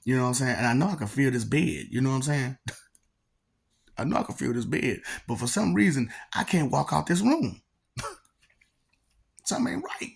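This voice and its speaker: A man's voice: mid-range voice, animated, moderate pace, vocal fry, slightly rough. A man telling a personal story in a casual, rambling way. He laughs often and keeps repeating filler phrases.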